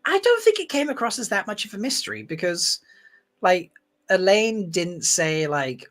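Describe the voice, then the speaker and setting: A man's voice: high voice, normal speed. Chatty man. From Essex, England. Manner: animated, laughing, quotes characters in voices. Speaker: host. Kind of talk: casual chat.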